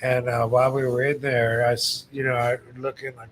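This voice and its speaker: A middle-aged man tells stories at a loose, rambling pace, stopping and restarting often. His voice sits at an ordinary pitch, with a faint low rumble in the background. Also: flat delivery, fairly quick, poor audio. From Michigan, United States. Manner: rambling storyteller with many fillers and restarts. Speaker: podcast host. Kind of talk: casual chat.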